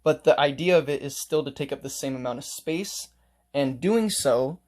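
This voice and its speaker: A man's voice: on the high side, moderate pace, darkish tone. A man teaching a casual music lesson, explaining note markings step by step and playing examples on his instrument.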